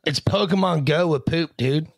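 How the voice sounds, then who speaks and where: A man's voice: a little high, normal speed, creaky, no room sound. A man guesting on a podcast, swearing and flustered in casual chat. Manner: swearing, flustered, self-deprecating. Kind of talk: casual banter.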